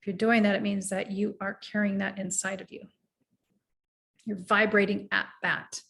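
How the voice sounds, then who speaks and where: A middle-aged woman life coach giving an earnest, reflective motivational talk, sometimes guiding the listener through slow breathing. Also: medium pitch, flat delivery, gravelly, a bit bright.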